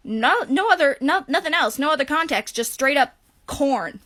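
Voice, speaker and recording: A woman's voice: high-pitched, expressive, moderate pace, fairly bright tone. A woman who works in a toy store, telling amused stories about customers in a casual way to camera. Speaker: retail store employee.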